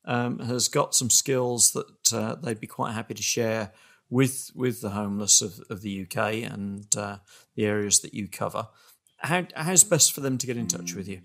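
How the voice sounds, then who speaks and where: A man's voice: on the low side, normal speed, fairly bright tone. A man co-hosting a podcast, asking casual, easygoing questions that ramble a little. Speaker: podcast co-host. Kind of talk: casual interview chat.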